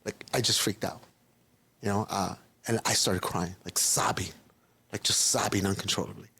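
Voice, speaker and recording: Guy telling his own story on an interview, gravelly and husky, keeps jumping into other people's voices, dry close sound. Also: on the low side, fairly even intonation, normal speed, pushed and bright, no room sound. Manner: rambling storytelling, acting out quoted voices. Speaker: interview guest. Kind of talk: casual personal testimony.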